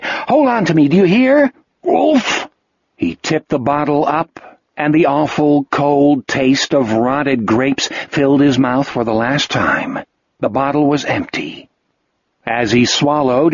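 A man reading an audiobook in steady scripted narration. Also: fairly high pitch, no room sound, dull audio.

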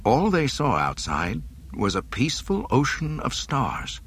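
A man narrating an audiobook in a dramatic, expressive way. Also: mid-range voice, measured pace, husky. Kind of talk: audiobook reading.

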